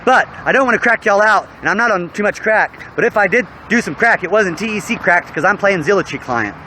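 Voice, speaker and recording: A young man rambles outdoors in a preachy, profane monologue, his voice high and bright. He talks straight at the camera. The faint hum of traffic runs behind him. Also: expressive, a little fast, rough recording. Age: young adult. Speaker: online game player.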